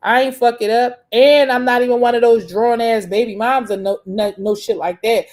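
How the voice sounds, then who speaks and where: A woman's voice: fairly high pitch, steady tone, moderate pace, darkish tone. A young adult woman hosting a talk show, ranting in a profane, combative, rambling way with frequent restarts. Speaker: podcast host. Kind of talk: casual rant monologue.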